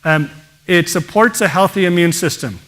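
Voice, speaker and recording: Brief: male pediatrician presenter, upbeat and exclamatory, slightly high voice. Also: moderate pace. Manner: energetic, exclaims wow often. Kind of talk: enthusiastic presentation talk.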